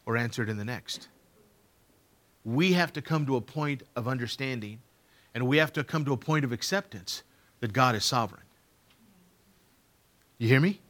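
Middle-aged male preacher, bright tone, sermon delivery, dynamic from hushed to booming, repeats for emphasis. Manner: swings from quiet to loud, emphatic repetitions. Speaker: pastor.

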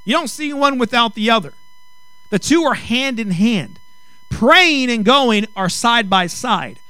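High bright-voiced male preacher. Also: animated, unhurried, smooth, dry recording. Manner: emphatic, rising to loud stretched phrases on key lines. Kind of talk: sermon.

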